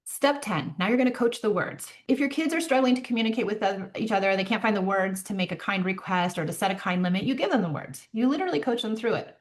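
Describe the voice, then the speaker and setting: A middle-aged woman coaching parents in an earnest way, acting out calm lines for them to say to their children. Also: mid-range voice, fast, hardly any pauses. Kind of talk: parenting advice talk.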